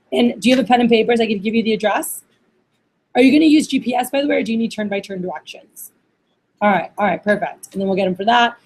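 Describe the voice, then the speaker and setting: A woman's voice: a little high, a little mellow, husky. A young woman running a receptionist training workshop, talking casually with lots of fillers and acting out phone calls. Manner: casual, chatty, many fillers like "like" and "uh".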